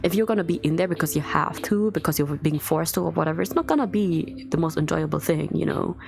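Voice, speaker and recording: Woman, low voice, gravelly, angry, swearing, exasperated, live-stream rant. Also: fast talker, a little mellow.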